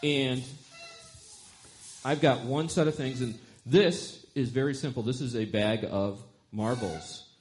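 Man leading children's time at church: gentle, playful, talks to the kids. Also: mid-range voice, takes it slowly. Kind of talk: children's message in a service.

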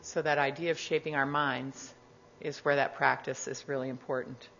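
A woman guest speaker giving a reflective sermon-style talk to a congregation, gentle and measured, with conversational asides. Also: very deep voice, flat delivery, gravelly, slight background noise. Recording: dull lo-fi recording.

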